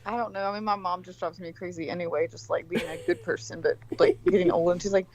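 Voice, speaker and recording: A woman's voice: fairly low pitch, steady tone, fast talker, darkish tone, a little hiss or hum. A woman guest on a casual livestream chat, telling blunt, profane stories and mimicking the people she quotes.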